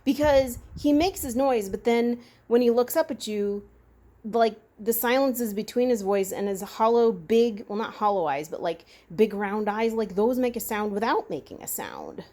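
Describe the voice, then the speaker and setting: A woman's voice: fairly high pitch, normal speed, warm tone. A woman rambling in a casual rant, chatty and full of asides, recorded outdoors. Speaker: vlogger. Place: outdoors by a freeway. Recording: faint traffic noise outdoors.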